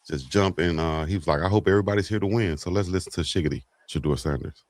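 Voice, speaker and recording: Deep-voiced dude co-hosting sports talk, slangy, dry sound. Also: male voice, fast talker, no room sound. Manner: slangy, animated, acts out quotes. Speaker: co-host. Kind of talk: casual sports talk show.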